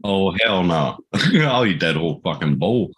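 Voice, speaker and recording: A man's voice: low voice, very animated, unhurried, fairly bright tone, breathy edge. A man with an American accent, crude and laid-back, chatting casually on a podcast while tipsy.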